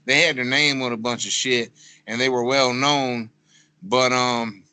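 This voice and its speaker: A man co-hosting a podcast, ranting in heated, slang-heavy, profane talk. His voice is bright and tense, and it sounds dry and close to the mic. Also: mid-range voice, steady tone, a little slow, clean tone, dry recording. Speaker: podcast co-host. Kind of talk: casual podcast banter.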